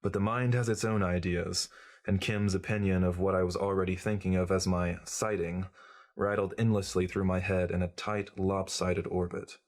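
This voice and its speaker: A man reading a short story aloud in a measured, wry first-person narration. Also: deep voice, flat delivery. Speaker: reader. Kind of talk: audiobook narration.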